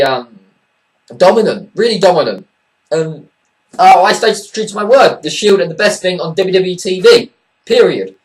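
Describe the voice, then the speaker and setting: Blunt, profane man, distant from mic. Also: a little high. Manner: blunt, profane, dismissive, rambling with fillers. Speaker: wrestling show reviewer. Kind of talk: casual spoken review.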